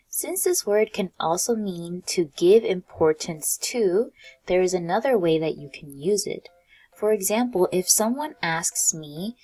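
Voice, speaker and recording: Patient woman teaching vocabulary, husky, lively. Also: mid-range voice. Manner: patient, explains step by step with simple examples. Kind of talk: explaining vocabulary with examples.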